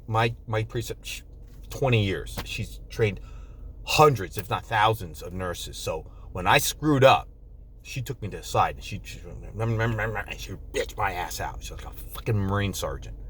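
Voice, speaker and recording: A New Jersey nurse vlogger in his fifties speaks directly to the camera in a relaxed monologue about nursing. He curses freely and bluntly, briefly imitating other people when quoting them. His pitch swings widely, giving the talk a loose, animated energy.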